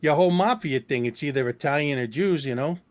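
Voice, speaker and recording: A man's voice: fairly high pitch, fairly quick. A man with a New York accent, co-host of a comedy podcast, joking in casual chat. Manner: joking, talks over others.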